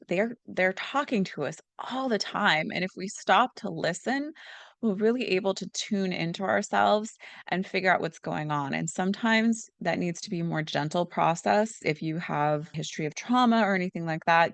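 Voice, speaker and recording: A woman's voice: medium pitch, no echo. A middle-aged woman, a nurse practitioner, giving earnest, encouraging wellness advice in a casual talk, with personal stories.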